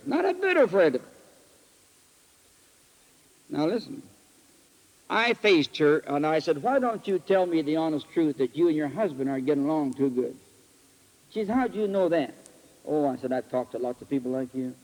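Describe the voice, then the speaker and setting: Male speaker, slightly high voice, folksy and animated storytelling sermon, old echoing hall recording. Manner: animated, folksy, shifts between loud exclamations and quiet asides. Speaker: retreat speaker. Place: retreat hall. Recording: archival 1968 recording in a hall with long reverb.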